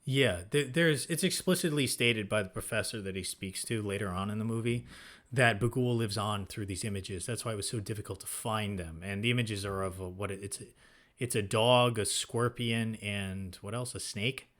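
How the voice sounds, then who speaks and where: A man's voice: on the low side, normal speed, fairly bright tone. A man co-hosting a podcast, casually working through ideas about horror films and checking in with "right?". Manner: thinking aloud, many restarts and "right?" checks. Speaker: podcast co-host. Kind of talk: casual film discussion.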